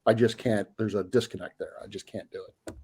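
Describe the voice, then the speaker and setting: A man's voice: lowish voice, fairly even intonation, brisk, mellow, slightly rough. Hesitant, stammering man in casual chat.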